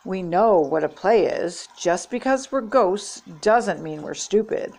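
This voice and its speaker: A woman's voice: mid-range voice, lively intonation, takes it slowly, creaky, a little mellow, heavily acted. An older woman voicing a bossy young ghost girl in a children's storybook, sounding indignant and a bit whiny.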